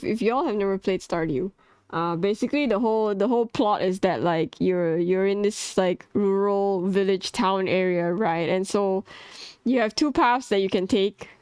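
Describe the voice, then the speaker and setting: A woman's voice: mid-range voice, measured pace, a little mellow, smooth, dry recording. A woman casually telling a heated story about a farming game, swearing, laughing and restarting often. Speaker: gamer vlogger.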